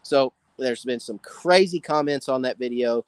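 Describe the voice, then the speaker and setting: A man's voice: mid-range voice, moderate pace, clear, resonant tone, no room sound. Man, fishing host, live stream chat, friendly drawl, dry close mic. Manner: chatty, greets viewers by name, drawling. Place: outdoors by a campfire.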